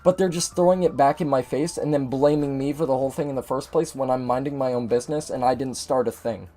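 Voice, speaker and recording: A man's voice: mid-range voice, quick pace, dark tone, soft background music. A young man ranting in frustration and swearing freely while he plays a game and talks to his viewers. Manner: frustrated, profane venting. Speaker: gaming video host. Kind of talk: ranting commentary over gameplay.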